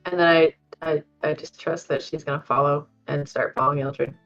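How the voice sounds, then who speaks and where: A woman's voice: low-pitched, fairly even intonation, fairly quick, a bit bright, faint music behind. Brief: inquisitive woman player, muffled lo-fi audio. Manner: curious, questioning. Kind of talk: role-play narration. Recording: dull lo-fi mic.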